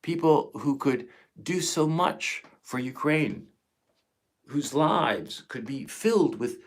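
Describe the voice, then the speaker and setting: A man's voice: on the high side, expressive, slow. A man in his fifties ranting on a live stream, emotional and profane. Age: 50s. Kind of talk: angry live stream monologue.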